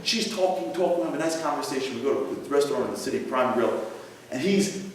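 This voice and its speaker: A man telling a humorous personal story live to an audience, with animated comic timing and chatty asides. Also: a little high, fast, slight background noise. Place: large synagogue hall. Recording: echoey hall from far off, faint ambience.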